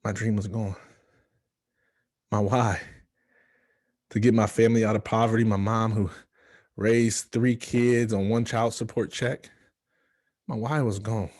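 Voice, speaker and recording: A man from Michigan giving a motivational speech, telling his own story with dramatic pauses and hushed asides. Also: lowish voice, little pitch movement, no echo, clean studio sound. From Michigan, USA. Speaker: motivational speaker.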